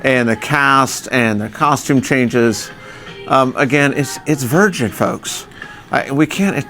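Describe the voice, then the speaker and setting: A man's voice: mid-range voice, fairly bright tone. A man vlogging aboard a cruise ship, chatty and upbeat, talking straight to viewers as folks. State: out of breath. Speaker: travel vlogger. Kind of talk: casual vlog chat.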